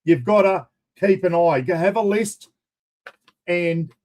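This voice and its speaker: At a slow pace and with a high voice, this man hosts a casual charity live stream in an Australian accent, rambling through chummy shout-outs to the people watching.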